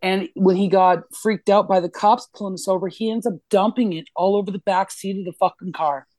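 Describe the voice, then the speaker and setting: A woman's voice: medium pitch, fairly quick, dry recording. A Canadian woman, a podcast co-host, telling a story casually, swearing freely and acting out the voices of the people in it. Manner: profane, animated, acts out voices in the story.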